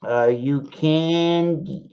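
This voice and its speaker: A man's voice: a little high, extremely slow, mellow, smooth. A man hosting a casual beer review livestream, calling out to a guest whose audio has dropped. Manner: repeats a guest's name to check the line. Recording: dull lo-fi stream audio.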